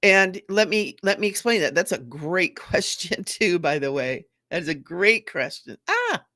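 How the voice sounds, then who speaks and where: This time she sounds animated and a bit bright, though her voice stays on the low side and her pace moderate. The middle-aged psychic medium chats earnestly on her casual live stream, greeting viewers amid fillers and restarts, in a dry, clean studio recording.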